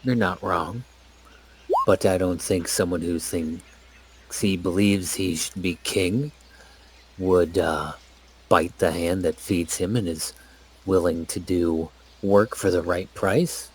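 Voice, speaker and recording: A man playing a tabletop game, speaking in character in a measured, thoughtful way. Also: sits low, steady tone, background noise. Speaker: player. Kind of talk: in-character role-play.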